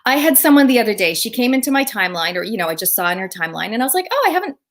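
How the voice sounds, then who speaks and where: A woman's voice: medium pitch, lively intonation, racing. Upbeat woman coaching viewers live. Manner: upbeat, enthusiastic, addresses viewers directly. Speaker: business coach. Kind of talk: Facebook live coaching talk.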